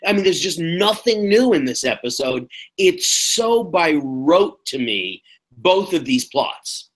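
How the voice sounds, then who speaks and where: A man in his sixties co-hosting a podcast in casual chat, musing and opinionated with drawn-out phrasing. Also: a little high, big pitch swings. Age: 60s. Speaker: podcast co-host.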